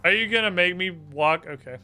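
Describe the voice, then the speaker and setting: A man's voice: high voice, brisk, bright, forceful tone, soft background music. A man streaming a game live, thinking aloud in a brash, profane way. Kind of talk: live gameplay commentary.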